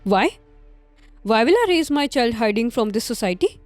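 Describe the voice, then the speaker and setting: A woman's voice: on the high side, lively intonation, normal speed, dry recording, faint music behind, close to an everyday voice. An actress playing a defiant, suspicious pregnant young girlfriend who talks in a demanding, confrontational way.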